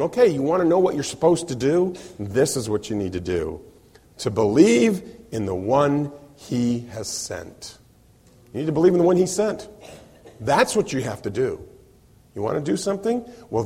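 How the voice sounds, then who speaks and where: A man's voice: medium pitch, breathy edge, long reverb tail. A man preaching a sermon as a pastor, explaining a passage and acting out the voices he quotes. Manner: animated, acts out quoted voices.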